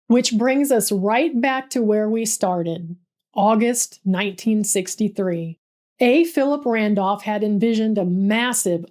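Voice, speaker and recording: A woman's voice: fairly high pitch, darkish tone. A woman narrating a scripted history story in a dramatic, vivid storytelling manner.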